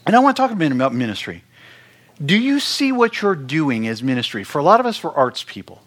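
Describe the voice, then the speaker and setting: A man's voice: medium pitch, sing-song, quick pace, a bit bright. A middle-aged man giving an earnest, conversational sermon-style talk, often repeating words as he stresses a point. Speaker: worship ministry speaker.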